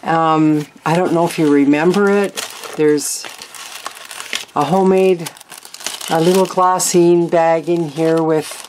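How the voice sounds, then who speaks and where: Craft-channel host, woman, deep-ish voice, unhurried, chatty and rambling with candid asides, faint hiss behind her. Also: a little mellow. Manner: chatty, meandering, frank asides. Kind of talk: casual craft show-and-tell.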